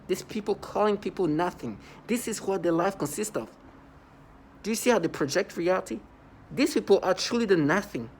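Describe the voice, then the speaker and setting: Over some slight background noise, a high-voiced vlogger in New York City addresses his viewers. He rambles with scorn, circles back to repeat himself, and breaks into mocking laughter.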